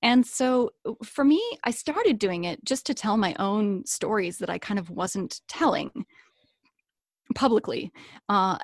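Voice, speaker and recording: A woman talks in a casual interview, lively and playful, breaking into laughs often. Her voice sits at a middle pitch and is recorded dry and close, with no room sound. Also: unhurried, no room sound. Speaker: guest, story coach and podcaster.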